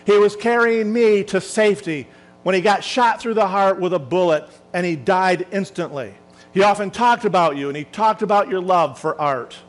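A man voicing a grateful young soldier, speaking earnestly and softly. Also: high voice, normal speed, close to an everyday voice.

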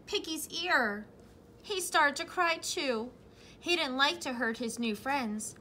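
A young woman who teaches preschool reads a picture book aloud to young children. Her voice is bright and sing-song, rising and falling a lot. She speaks slowly and encouragingly. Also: sits high, a little hiss or hum.

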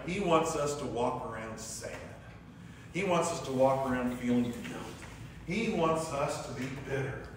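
A man teaching a church class, talking in a loose, conversational way and asking questions of the room. His voice sits a little higher than most men's. It was recorded from a distance in a very echoey room with a faint hiss under it. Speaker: Sunday school teacher. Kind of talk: church class lesson with discussion.

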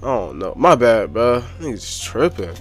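A young man giving excitable, slang-heavy gameplay commentary while chatting with other players. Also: mid-range voice, normal speed. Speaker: gaming YouTuber.

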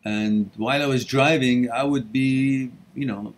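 A man's voice: mid-range voice, fairly even intonation, a little slow. A middle-aged man hosting a live question and answer stream, talking casually and laughing often. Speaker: host. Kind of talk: live Q&A talk.

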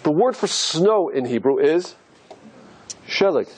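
Animated rabbi, husky voice, lively. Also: male voice, a little high, slow. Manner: rhetorical questions, animated and musing. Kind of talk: teaching lecture.

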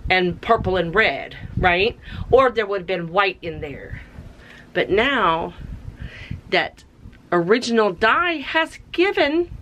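A woman with a lowish voice talks slowly and casually as she works through a tie-dye project at home. She thinks aloud and gets excited, and a faint noise sits under the recording. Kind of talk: casual craft tutorial.

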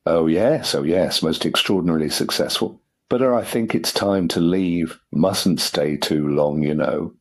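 A man voicing a flustered, fussy young English gentleman who dithers and frets. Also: sits low, measured pace, few pauses. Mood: nervous.

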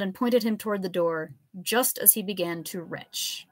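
A woman reading her own absurd comic story aloud in a live reading, telling it with expressive, animated delivery. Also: mid-range voice, moderate pace, hardly any pauses, no echo. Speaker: author and reader.

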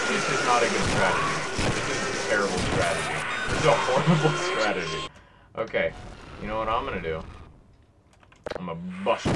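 Talking to himself over a video game, this male streamer cracks jokes and lets out sudden yelps in casual commentary. His lowish voice is expressive and his pace brisk. The mic is distant and the recording very noisy.

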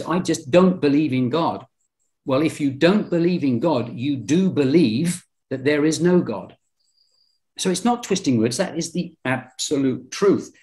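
A man's voice: a little high, darkish tone. A man with a British accent presenting in a Bible study discussion, insistent and argumentative with frequent restarts. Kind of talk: lecture-style group discussion.

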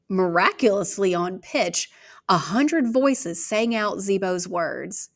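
Gravelly-voiced woman reading a novel aloud. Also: mid-range voice, takes it slowly. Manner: steady narration. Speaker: reader.

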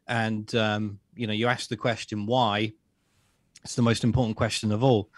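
A man's voice: on the low side, level tone, normal speed, no room sound. Man, podcast guest, sarcastic and repetitive, dry close sound. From England. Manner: sarcastic, repeats himself while building a point. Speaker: guest, author and social commentator. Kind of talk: casual podcast conversation.

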